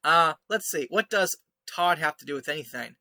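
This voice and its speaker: A man's voice: fairly high pitch, lively intonation, moderate pace, sharp tone, no room sound. A man giving sarcastic commentary as he reads out screenshots, mocking and scornful, often laughing. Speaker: online commentator. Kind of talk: reading his own article aloud.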